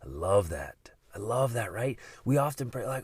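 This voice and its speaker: A man's voice: mid-range voice, sing-song, normal speed, slightly rough, no room sound. A man hosting a motivational podcast, speaking earnestly and often repeating words as he starts a phrase. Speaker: podcast host.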